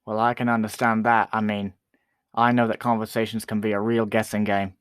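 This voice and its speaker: A man's voice: lowish voice, little pitch movement, brisk, smooth, no echo, clean studio sound, natural voice. A man playing a boastful, self-important rapper who is a guest on a comedy talk show. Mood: smug. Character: boastful young male Canadian rapper, royalist.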